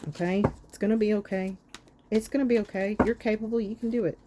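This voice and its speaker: A woman's voice: mid-range voice, steady tone, fast, noisy background. A woman giving a tarot reading straight to the camera. She scolds her listeners bluntly, swears freely, and hammers her points home with short repeated lines. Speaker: tarot reader.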